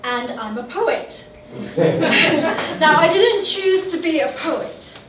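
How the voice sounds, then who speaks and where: A woman's voice: high voice, very animated, extremely slow. A woman poet chatting earnestly to the audience before she recites her poems on stage. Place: live venue. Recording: echoey room from far off, noisy.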